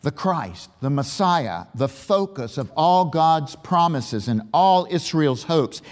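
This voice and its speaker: A man's voice: on the high side, very animated, takes it slowly. A male pastor, preaching a sermon and telling a story, with emphatic questions to the congregation. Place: large church sanctuary. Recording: reverberant church hall.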